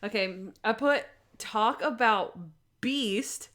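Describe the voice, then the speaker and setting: A woman's voice: a little high, slow pace, a bit bright. A woman co-hosting a podcast, chatting casually about a TV episode, laughing often and acting out quoted lines. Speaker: podcast co-host. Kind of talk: casual chat recapping a TV episode.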